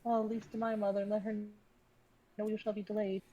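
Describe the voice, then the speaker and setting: A woman's voice: medium pitch, little pitch movement, normal speed, mellow, muffled recording. A woman playing a tabletop game, dryly describing her character's actions. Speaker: player. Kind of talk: casual game chat.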